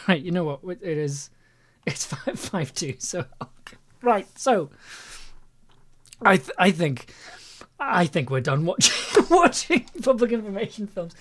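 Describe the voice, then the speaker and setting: Lower-voiced woman chatting on a live stream. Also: big pitch swings, slow, pauses often. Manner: rambling, laughs often, self-mocking. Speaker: live streamer and audio producer. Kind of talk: casual live-stream chat.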